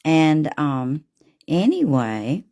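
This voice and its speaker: A woman hosting a live painting demo, chatting warmly with viewers by name as she works. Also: deep voice, very animated, drawn-out words. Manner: homey and gushing, talks to viewers by name.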